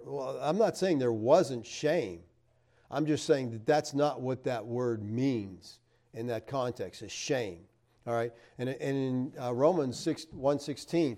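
Middle-aged man, pastor answering viewer comments; relaxed dark timbre, chatty and emphatic. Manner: chatty, laughs often, rises emphatic then drops low. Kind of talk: casual live-stream chat reading comments.

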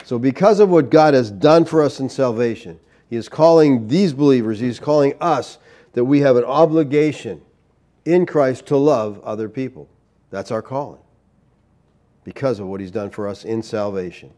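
A man's voice: medium pitch, normal speed, warm tone, echoey room. A man leading a Bible study as pastor, plain-spoken and conversational, often checking in with the group. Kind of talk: teaching sermon with group discussion.

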